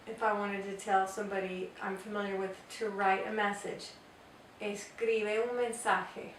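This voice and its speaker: A woman teaching a grammar lesson, explaining step by step and repeating example phrases slowly. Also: mid-range voice, little pitch movement, slight background noise. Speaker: Spanish teacher. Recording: echoey room, voice from far off.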